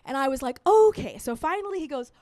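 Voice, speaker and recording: Animated high-pitched woman doing stand-up. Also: fast talker, dry recording. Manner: animated, chatty, crude storytelling with frequent "right?" and "you know what I mean?". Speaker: stand-up comedian. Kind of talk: stand-up comedy set. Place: live comedy show at a resort.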